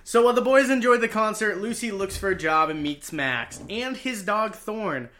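A man's voice: high voice, animated, normal speed, a bit bright, slight background noise. A man co-hosting a casual podcast, retelling a movie plot with wry offhand asides. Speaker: podcast co-host.

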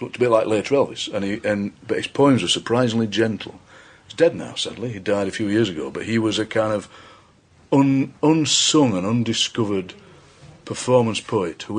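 A man's voice: on the low side, slightly rough. A man who is a poet, chatting casually as a podcast guest, rambling and joking with lots of restarts.

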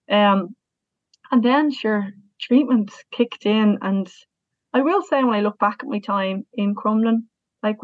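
A woman's voice: mid-range voice, dry recording. Irish woman in her thirties, earnest personal storytelling, tinny phone-like audio, dry. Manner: earnest, emotional, with frequent restarts.

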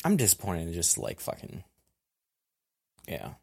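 A man's voice: low-pitched, wildly swooping pitch, measured pace, vocal fry, a little hiss or hum. A man hosting a casual podcast with friends, rambling and swearing easily, laughing often. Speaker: podcast host.

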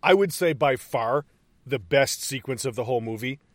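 A man co-hosting a casual podcast, excitedly retelling film action, swearing freely and acting out characters' lines. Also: medium pitch, moderate pace, no room sound. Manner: excited, profane, acts out lines. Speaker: podcast co-host. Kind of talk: casual movie discussion.

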